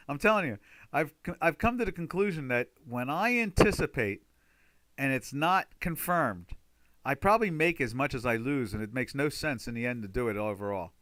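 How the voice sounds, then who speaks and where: Chatty bright-voiced man hosting a webinar. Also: mid-range voice, dry recording. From United States. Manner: chatty, rambling, exclaims loudly in frustration. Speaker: trading webinar host. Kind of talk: casual live webinar talk.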